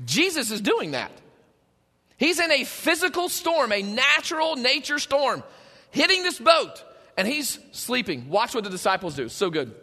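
A man preaching a sermon, telling the story in an animated way and acting out the scenes. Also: very high-pitched, moderate pace, long reverb tail. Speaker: pastor.

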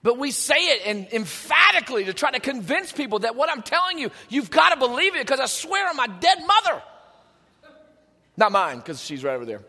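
A man preaching a sermon in a conversational, animated way, with joking asides to his congregation. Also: very high-pitched, fairly quick, big-room sound. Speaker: pastor. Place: church sanctuary.

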